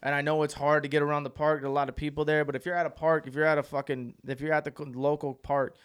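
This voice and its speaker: A young man from the American Midwest co-hosts a casual podcast, his voice sitting a little high for a man. He tells stories with lots of energy and swears freely. His accent is Midwestern. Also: quick pace, smooth. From Ohio. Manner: animated, swears a lot, acts out quotes loudly. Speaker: podcast co-host. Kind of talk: casual storytelling chat.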